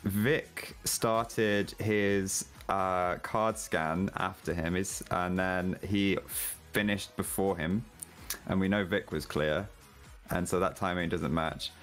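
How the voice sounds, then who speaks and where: A man's voice: low-pitched, steady tone, slow pace, fairly bright tone, soft background music. A man in voice chat during an online game, confidently laying out his suspicions step by step. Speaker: game player.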